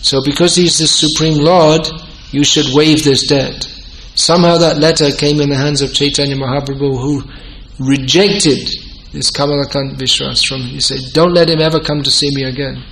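Man, devotional talk, storytelling, slightly higher voice, faint background hiss. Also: steady tone, normal speed, few pauses, fairly bright tone, poor audio. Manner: storytelling, quotes dialogue, laughs at own points. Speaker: devotional teacher. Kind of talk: informal religious discourse.

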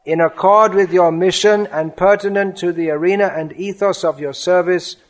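A man giving a spiritual lecture, reading a devotional offering aloud in an earnest, measured way. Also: high-pitched, steady tone.

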